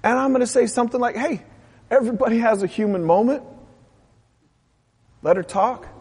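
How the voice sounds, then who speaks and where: A man with a high, slightly husky voice delivers a sermon with real passion, his pitch leaping as he urges the congregation on. The sound carries a long reverb, like a church hall. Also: brisk. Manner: animated, impassioned preaching, then soft prayer. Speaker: pastor.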